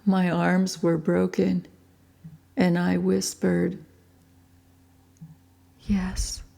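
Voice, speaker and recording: A woman reading her own book aloud in a grave, measured first-person storytelling manner. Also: lowish voice, level tone, gravelly, dark tone. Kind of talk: audiobook narration.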